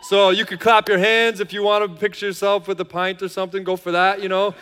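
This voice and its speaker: A man's voice: sits high, level tone, brisk, fairly bright tone, clear, resonant tone. A man, a lead pastor, talking to his congregation in a chatty, joking way with lots of fillers. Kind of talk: casual sermon intro and worship lead. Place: large church hall. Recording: reverberant church hall.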